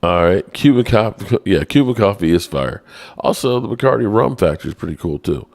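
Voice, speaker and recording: A man hosting a casual live-stream sports show, reading the chat aloud in a playful, self-mocking way. His voice leaps high when he gets exasperated. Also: animated, a little fast, creaky.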